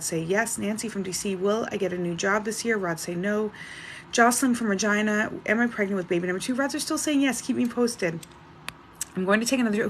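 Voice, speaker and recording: Woman livestream psychic, mid-range voice, brisk chatty delivery. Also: mid-range voice, fairly bright tone, a little hiss or hum. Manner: brisk, chatty, reads names and questions off. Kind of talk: live-stream Q&A reading.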